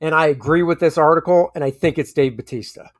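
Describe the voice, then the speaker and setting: A man's voice: on the high side, quick pace. A man co-hosting a casual movie review chat, rambling and often restarting as he searches for names. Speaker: movie review podcast co-host.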